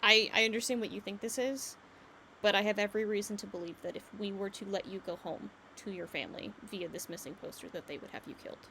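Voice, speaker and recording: A woman speaks as a cautious figure in a tabletop game. She talks in a measured way and her lines drop quieter at the end. A faint hiss sits under the voice. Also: mid-range voice, fairly even intonation, low-quality recording. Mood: wary.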